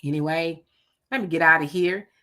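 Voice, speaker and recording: A woman from Southern California hosting a casual live stream, reading viewer comments aloud with sassy, animated reactions. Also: deep voice, normal speed.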